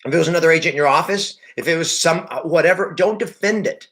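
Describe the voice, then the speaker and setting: A man's voice: a little high, quick pace, fairly bright tone. A man coaching real estate agents, emphatic and repeating his points, acting out the talk with clients. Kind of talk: motivational sales training talk.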